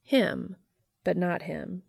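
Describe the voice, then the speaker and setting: A woman narrating a fan fiction story aloud in a steady, even storytelling manner. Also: lowish voice, takes it slowly, creaky, slightly rough, no echo, studio quality.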